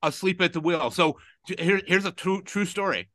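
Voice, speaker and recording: A man with a bright, tense voice and a somewhat high pitch, telling rambling, profane stories in casual chat. His exasperation keeps building, and the sound is close and dry. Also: moderate pace, dry recording.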